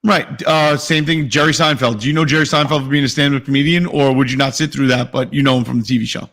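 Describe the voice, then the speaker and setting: A man's voice: medium pitch, steady tone, quick pace, fairly bright tone. A man co-hosting a casual podcast, arguing bluntly and swearing freely. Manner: blunt, profane, argues emphatically. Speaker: podcast co-host. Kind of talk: casual argumentative chat.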